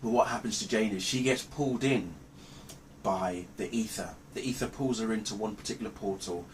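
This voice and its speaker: A man recapping a film's plot in a casual review, rambling and halting with many ums and restarts. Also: on the low side, a little hiss or hum. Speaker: movie reviewer. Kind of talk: casual spoken film review.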